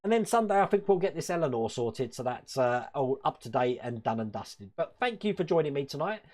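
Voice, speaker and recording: A man's voice: medium pitch, very animated, brisk, darkish tone. A man from Wales hosting a casual live stream from his hobby room, rambling, chuckling often and answering chat.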